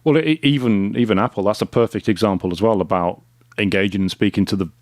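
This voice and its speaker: A man's voice: fairly low pitch, fast, a little mellow, dry recording, clean studio sound. A man hosting a podcast, chatting casually and telling stories, often murmuring agreement. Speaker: podcast host. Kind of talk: casual conversational interview.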